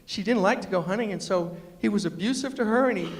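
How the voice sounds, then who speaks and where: A man's voice: high-pitched, fast talker, slight background noise. A man giving a humorous storytelling speech at a university, punchy and emphatic, acting out the lines he quotes. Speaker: storyteller and motivational speaker. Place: university lecture hall. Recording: echoey hall, long reverb.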